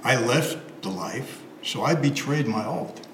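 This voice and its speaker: A man who once belonged to a crime family answers interview questions in a measured, earnest way. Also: medium pitch, expressive, roomy sound, a little hiss or hum, low-quality recording. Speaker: interview guest, former organized crime member.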